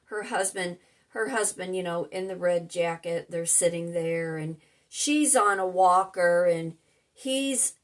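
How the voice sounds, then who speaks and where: A woman's voice: lowish voice, slow. A middle-aged woman telling a story in a casual, chatty way, retelling conversations line by line. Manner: chatty, retells dialogue with "I said" and "she said". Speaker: vlogger and life coach.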